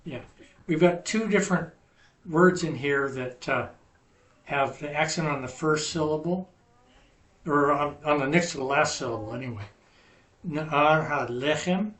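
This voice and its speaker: A man's voice: on the high side, moderate pace, long pauses, fairly bright tone, reverberant. A man teaching a Hebrew class, patiently correcting students and explaining grammar step by step. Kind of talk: classroom language lesson.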